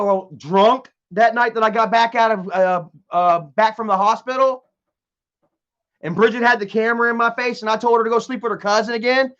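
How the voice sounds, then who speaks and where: Rambling high-voiced man streaming, lo-fi. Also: a bit bright. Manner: rambling, repetitive, stumbles and restarts, reads out viewer comments. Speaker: live streamer reading chat. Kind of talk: casual live stream chat. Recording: dull lo-fi stream audio.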